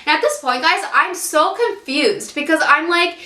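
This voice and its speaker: A woman's voice: high voice, animated, moderate pace, pushed and bright. A young woman vlogging, frankly telling a personal story, chatty and casual, swearing freely and laughing often. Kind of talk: candid storytelling vlog. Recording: roomy, from a distance off the mic.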